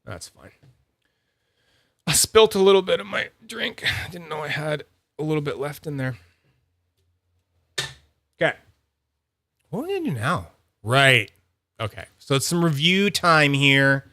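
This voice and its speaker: A man hosting a fidget toy channel, chatting casually and excitably, rambling, teasing himself and greeting viewers by name. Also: a little high, unhurried, long pauses. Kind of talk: casual rambling livestream-style review.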